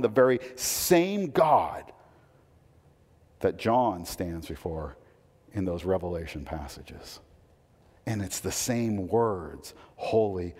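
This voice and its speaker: A man preaching a sermon, moving between hushed, intimate lines and loud, emphatic proclamations. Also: fairly low pitch. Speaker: pastor. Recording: long hall reverb.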